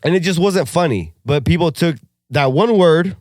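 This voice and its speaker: A man co-hosting a casual podcast, ranting in a profane, animated way and laughing often. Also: on the high side, normal speed, dry recording, clean studio sound. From Russia. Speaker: podcast co-host. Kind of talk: casual chat.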